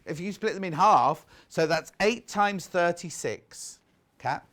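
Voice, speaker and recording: A man's voice: high-pitched, lively intonation, takes it slowly, a bit bright. A man presenting a live TV shopping show, chatting casually and reading out viewer messages. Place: TV studio.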